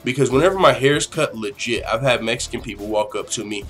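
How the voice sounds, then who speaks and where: A man's voice: mid-range voice, brisk, a bit bright. A man in his twenties hosting a casual podcast Q&A, talking in a rambling, opinionated way and swearing freely. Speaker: podcast host.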